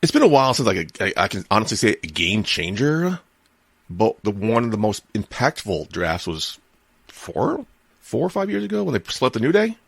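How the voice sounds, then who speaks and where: Low-voiced man, dry close sound. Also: very animated, moderate pace, creaky, breathy edge, no echo. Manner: easygoing, thinks aloud with repeats. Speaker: podcast co-host. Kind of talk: casual wrestling podcast chat.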